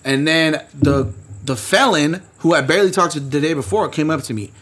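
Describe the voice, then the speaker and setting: A man's voice: a little high, normal speed, fairly bright tone, slightly rough. A man co-hosting a podcast, telling a long profane party story in casual chat. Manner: profane, rambling anecdote with quoted voices. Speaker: podcast co-host.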